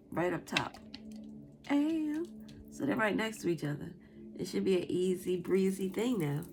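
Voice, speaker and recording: A woman doing a tarot reading, who first tells a casual story with lots of swearing and laughter. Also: lowish voice. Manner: animated, profane, laughs while telling a story. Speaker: tarot reader.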